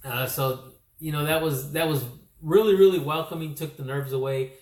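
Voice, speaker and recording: A man from California telling a casual vlog recap, rambling and correcting himself, his voice slightly worn from yelling. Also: fairly high pitch, fairly even intonation, moderate pace. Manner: rambling, self-correcting storyteller. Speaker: comic book vlogger. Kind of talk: casual recap talk to camera. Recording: echoey room.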